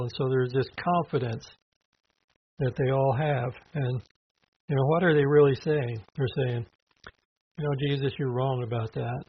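A man's voice: medium pitch, slightly rough. A man teaching through a Bible passage verse by verse, talking conversationally with asides and fillers. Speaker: preacher. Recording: dull lo-fi recording.

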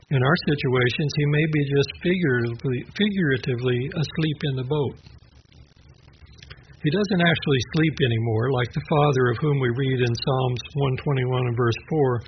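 A man's voice: fairly high pitch, normal speed, dull audio, background noise. A man preaching a sermon, telling a personal story and then reflecting on scripture in a conversational way, with small laughs and restarts.

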